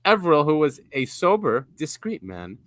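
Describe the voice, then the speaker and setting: A man's voice: on the high side, big pitch swings, moderate pace, no echo. A man co-hosting a podcast in casual chat, rambling a little and reading article passages aloud, recorded on a close mic. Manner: rambling, chuckles often, reads articles aloud. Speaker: podcast co-host.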